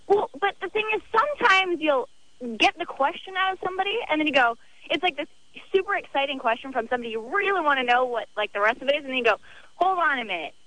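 Young woman caller on the phone, high lively voice, talks fast and blunt. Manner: chatty, frank, quick-talking. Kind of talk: call-in radio chat. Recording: phone line.

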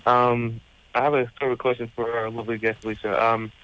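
Man in his twenties, radio caller, quick halting speech, muffled phone line. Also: mid-range voice, level tone, fairly bright tone. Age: 20s. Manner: friendly, halting. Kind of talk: phone call to radio show.

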